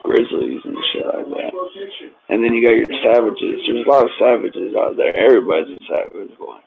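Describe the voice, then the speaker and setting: A middle-aged man in rambling, profane casual chat who keeps repeating himself and tacking on "man", and shouts at televised football. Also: mid-range voice, normal speed, creaky, narrow, tinny audio, crowd noise. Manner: yells excitedly at a football game on TV.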